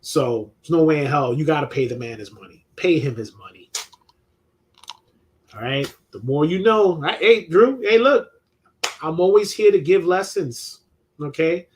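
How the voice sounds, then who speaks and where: A man's voice: on the high side, normal speed, a little mellow, slight background noise. A middle-aged man, hosting a loose live chat, reading viewer questions and talking sports with lots of swearing and restarts. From New York. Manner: laid-back, swears freely, many restarts and laughs. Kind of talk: casual live-stream chat.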